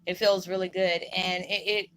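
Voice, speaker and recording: A woman's voice: on the low side, level tone, normal speed, a bit bright, poor audio. A woman vlogger talking to her viewers in a rambling, heartfelt way, emotional and holding back tears. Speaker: spiritual vlogger. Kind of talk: heartfelt casual monologue to viewers.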